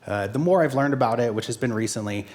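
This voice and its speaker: A man's voice: mid-range voice, fast talker, a little mellow. Conversational male guest pastor. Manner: conversational, with frequent fillers and self-corrections. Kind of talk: sermon.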